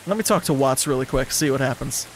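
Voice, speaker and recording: A man's voice: mid-range voice, animated, quick pace, a little hiss or hum. Young man muttering game commentary. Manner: offhand, muttering asides with swearing. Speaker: streamer. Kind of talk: casual let's-play commentary.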